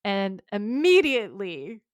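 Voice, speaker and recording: Woman podcast host, mid pitch, dry close sound, gets animated and swears while recapping. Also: slow pace, no room sound. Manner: animated storyteller, swears freely. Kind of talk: casual chat recapping a TV episode.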